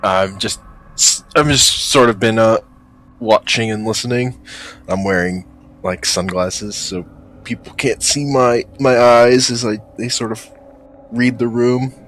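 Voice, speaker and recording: A man's voice: mid-range voice, a little slow, fairly bright tone. A man playing an investigator in a tabletop role-playing game, speaking hesitantly with fillers. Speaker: player. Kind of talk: in-character tabletop role-play. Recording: noisy voice chat.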